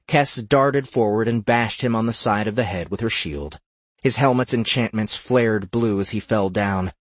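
A man narrating a fantasy audiobook with steady, measured storytelling. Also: mid-range voice, slightly rough, dry recording.

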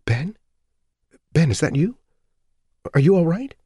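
A man's voice: mid-range voice, lively intonation, unhurried, breathy edge, no echo, studio quality, voice pushed up. A man reading an audiobook voices a frightened, worn-out young mother who sounds wary and anxious on the phone.

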